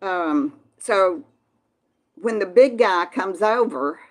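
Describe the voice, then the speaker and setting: A woman's voice: mid-range voice, lively intonation, takes it slowly. A woman from Texas with a Southern accent, casually chatting with viewers on a live stream in a folksy manner. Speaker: channel host reading live chat.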